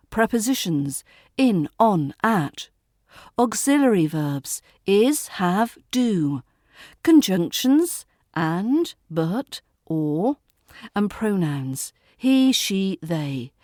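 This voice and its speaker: A woman with a British RP accent, teaching a pronunciation lesson and modelling example sentences slowly and deliberately. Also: medium pitch, darkish tone, dry recording, studio quality. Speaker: accent coach.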